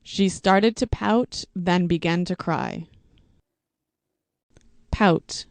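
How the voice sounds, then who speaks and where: Slow, measured woman reading vocabulary. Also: on the low side, creaky, no room sound. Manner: slow, deliberate, evenly paced reading. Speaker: English teacher. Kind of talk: reading vocabulary words and example sentences.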